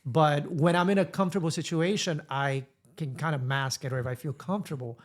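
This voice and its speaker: A man with a Spanish accent, co-hosting a casual podcast chat and telling animated stories while mixing Spanish phrases into his English. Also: on the high side, brisk. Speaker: podcast co-host.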